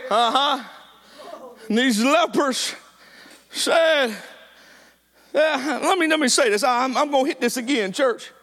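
A man preaching a sermon with a shouted, sing-song cadence, repeating his lines for emphasis. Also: very high-pitched, a little slow, long pauses.

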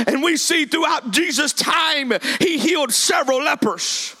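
A man preaching a sermon with a shouted, sing-song cadence, repeating his lines for emphasis. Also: very high-pitched, measured pace, hardly any pauses.

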